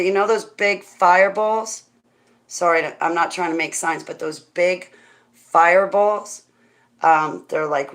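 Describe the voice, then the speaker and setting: A woman with a low, deep-set voice talks loosely to her live audience. She rambles from one thought to the next and breaks into laughter often. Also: fairly bright tone. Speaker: livestreamer answering chat. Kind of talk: casual chat.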